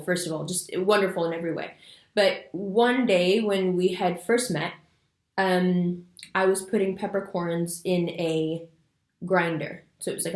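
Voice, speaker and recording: A woman's voice: fairly low pitch, roomy sound. A woman talking casually on video, telling stories with voiced quotes and lots of fillers, loose and fidgety. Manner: animated storytelling with voiced quotes. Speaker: astrology video host. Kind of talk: casual spoken monologue.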